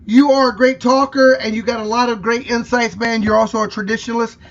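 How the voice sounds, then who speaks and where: A man's voice: very high voice, little pitch movement, fast, highs cut off. A man co-hosting a podcast in casual chat, enthusiastic and plain-spoken. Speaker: podcast co-host.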